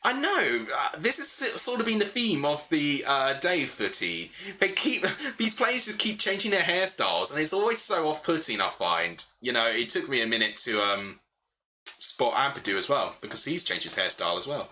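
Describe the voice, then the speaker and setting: A young man with a bright, forward voice hosts a live football watchalong. He calls the action as it happens and answers viewers' chat in between, thinking out loud as he talks. His pitch sits in the middle of the male range. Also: very animated, moderate pace. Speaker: livestream host.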